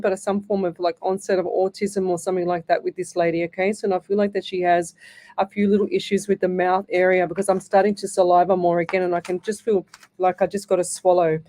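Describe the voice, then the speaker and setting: Brief: middle-aged woman, mellow-toned psychic radio host, chatty and repetitive. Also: lowish voice. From Australia. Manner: chatty, repeats herself, calls listeners lovey. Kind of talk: live radio psychic reading.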